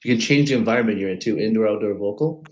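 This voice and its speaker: Low-voiced man, halting guest. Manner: halting, restarts mid-sentence. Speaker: company CEO guest. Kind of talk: casual product demo in an interview.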